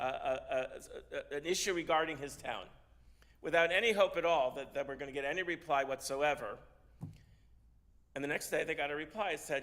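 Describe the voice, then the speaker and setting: Bright-voiced man telling a story. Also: fairly high pitch. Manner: halting, repeats words often, animated. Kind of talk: storytelling sermon. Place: synagogue service.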